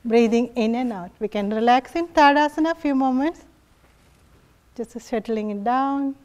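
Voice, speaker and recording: A woman leads a yoga class at an unhurried pace, her voice sitting a little high. She coaxes her students along gently and encouragingly, with frequent soft laughs. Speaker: yoga instructor. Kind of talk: guiding a family yoga class.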